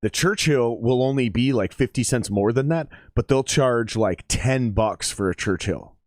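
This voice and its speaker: A man's voice: mid-range voice, moderate pace, a little mellow, dry recording, studio quality. A man chatting casually on a livestream, rambling and swearing with lots of fillers as he comments on a game. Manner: rambling, profane, with many fillers.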